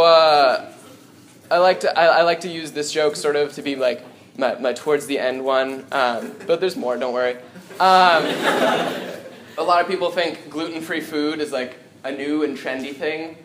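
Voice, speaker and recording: A man's voice: fairly high pitch, unhurried. A young man doing live stand-up comedy in a small coffeehouse, rambling and self-deprecating with lots of ums. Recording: echoey room, noisy live audience.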